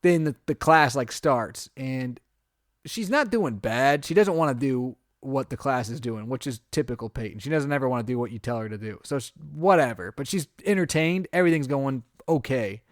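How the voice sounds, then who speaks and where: A man's voice: mid-range voice, expressive, normal speed, no echo, studio quality. A man co-hosting a podcast, telling a long story in casual chat and acting out his own reactions. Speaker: podcast co-host.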